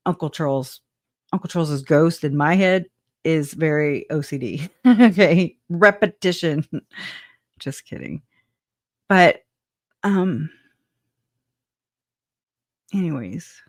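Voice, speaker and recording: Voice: mid-range voice, takes it slowly, pauses often, no room sound, clean studio sound. A guest telling their side of a personal story in a casual, rambling way, laughing often, trailing off with "anyways" and answering live chat comments.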